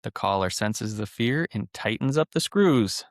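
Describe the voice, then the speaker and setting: A man's voice: on the low side, unhurried, hardly any pauses, dry recording, clean studio sound. A man hosting a podcast, talking casually with lots of ums and telling a cautionary story. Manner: relaxed, frequent ums and uhs, conversational. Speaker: podcast host.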